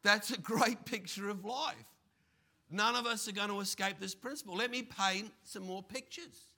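A man preaching a sermon as pastor, animated and full of playful asides. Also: high voice, moderate pace.

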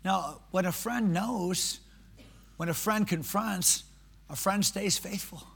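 A man preaching a sermon, animated and humorous, shifting from quiet conversational asides to loud exhortation. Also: sits high, takes it slowly, creaky, husky. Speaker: pastor.

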